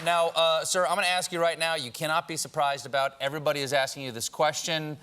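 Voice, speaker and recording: A man's voice: on the high side, steady tone, quick pace, background noise. A man hosting a talk show, playful and showman-like as he questions his guest.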